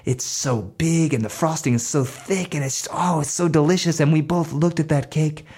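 A man telling a personal story aloud in an animated, conversational way. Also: on the high side, moderate pace, husky.

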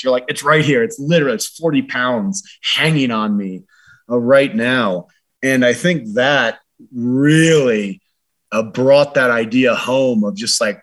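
A man being interviewed, a former military advisor, talking in an earnest, reflective way with many "you know" and "like" fillers. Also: mid-range voice. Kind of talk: reflective conversational storytelling.

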